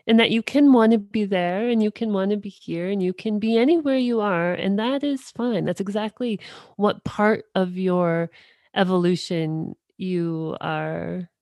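A woman speaks slowly in reflective spiritual talk, her manner measured and soothing. Her voice is low and dark, with a gravelly texture. The sound is close and dry. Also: no echo.

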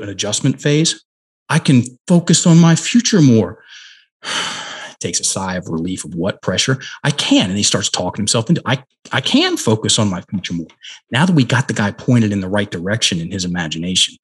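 A middle-aged man, a guest on a podcast, telling a coaching story on a headset mic, emphatic and slowing down to stress key words. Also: mid-range voice, slightly rough. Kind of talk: conversational storytelling.

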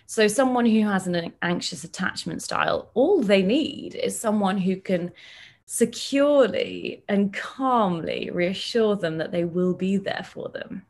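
Woman psychologist explaining calmly. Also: mid-range voice, vocal fry. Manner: explains with everyday examples, thoughtful and measured. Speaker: clinical psychologist guest. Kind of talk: conversational interview explanation.

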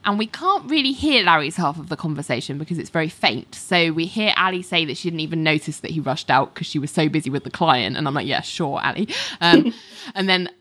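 Chatty woman with a low, dry voice. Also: expressive, quick pace, a bit bright, dry recording. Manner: recounts scenes in detail, acts out quotes, laughs often. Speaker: podcast co-host recapping a TV episode. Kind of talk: casual chat.

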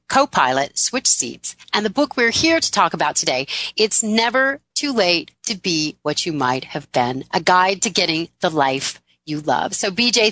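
Upbeat woman radio host, bright tone. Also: lowish voice. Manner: upbeat, emphatic inspirational delivery. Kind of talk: radio interview.

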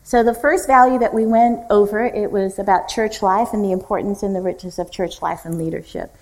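A woman's voice: mid-range voice, fairly even intonation, a little fast, low-quality recording. A woman pastor teaching a church leadership class, conversational and fond of jokes. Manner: warm, joking, conversational teaching. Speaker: executive pastor.

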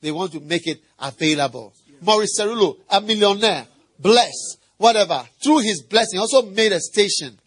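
A middle-aged man preaching, his voice riding high and swinging widely in pitch. The tone is husky, and he talks in a playful, animated way, firing questions at the congregation and breaking into animal sounds. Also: normal speed. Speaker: pastor. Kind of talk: sermon.

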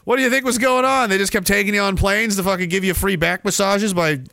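A man's voice: high-pitched, steady tone, quick pace, vocal fry, pushed and bright, no echo. A man hosting a podcast stream, reading chat messages aloud and ranting in a profane, sarcastic way that wanders off on tangents. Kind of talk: casual ranting livestream talk.

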